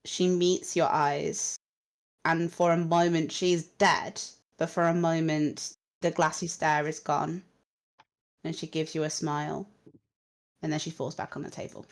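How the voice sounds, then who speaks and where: A woman narrating as game master of a tabletop role-playing game, telling the scene softly and without hurry. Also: low-pitched.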